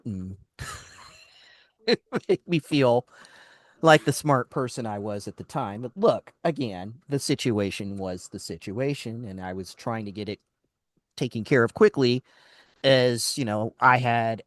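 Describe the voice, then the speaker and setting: A man's voice: on the low side, dry recording, clean studio sound. A man co-hosting a radio talk show, telling a long exasperated story in casual chat, acting out the dialogue and often restarting his sentences. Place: radio studio.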